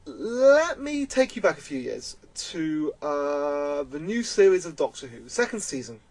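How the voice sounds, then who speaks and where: A man's voice: a little high, sing-song, a little slow, a little mellow, no echo, low-quality recording. A man giving earnest, emphatic spoken commentary, repeating his points as he explains. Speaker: vlogger.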